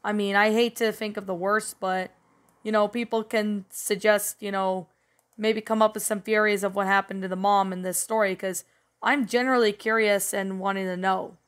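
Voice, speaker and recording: A woman hosting a spooky-story channel, giving a rambling casual review, her voice a little rough as if she is sick. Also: medium pitch, fairly even intonation, normal speed. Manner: rambling, leans on "you know" and "um". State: voice rough, sounding a bit sick. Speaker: creepypasta channel host.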